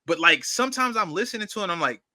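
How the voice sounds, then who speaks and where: Man, rambling casual co-host, very bright tense tone, slightly high. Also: lively intonation, racing, dry recording. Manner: rambling, lots of fillers, swears, amazed. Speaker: co-host reacting to a song. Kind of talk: casual reaction chat.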